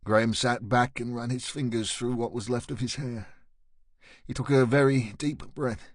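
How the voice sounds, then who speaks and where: A man narrating a crime audiobook in a steady, measured way. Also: medium pitch, dry recording, studio quality. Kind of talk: scripted narration.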